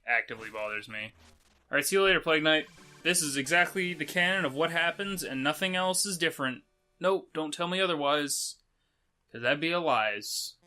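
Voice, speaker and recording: Rambling bright-voiced man playing a game. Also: mid-range voice. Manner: rambling, lots of fillers and casual swearing. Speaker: let's play host. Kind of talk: casual gameplay commentary.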